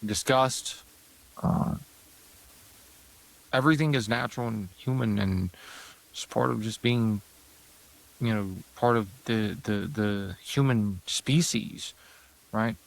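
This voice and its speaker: A man hosting a podcast speaks slowly in a low-ish, gravelly voice with long pauses. The talk is casual and earnest but rambling. He uses many fillers and keeps restarting his sentences.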